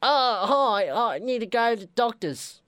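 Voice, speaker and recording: A man's voice: very high voice, expressive, a little slow, fairly bright tone, no room sound, studio quality, pitched above the performer's own voice, exaggerated voice. A man voicing a sick, coughing patient with dirty infected wounds, in a put-on British accent. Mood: pleading. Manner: coughing, croaky.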